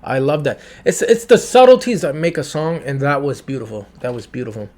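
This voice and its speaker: A music reviewer reacts to and breaks down a song in a casual, enthusiastic review, often repeating himself and singing along. His mid-range voice is animated, brisk, and a little mellow.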